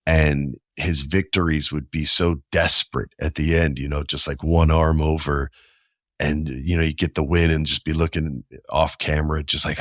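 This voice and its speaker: The close, dry recording captures a forties-aged podcast host alone at the mic, his deep, low voice fairly bright and fairly even in pitch at a normal pace. He spins stories casually and eagerly, tossing in slangy asides, with no room sound.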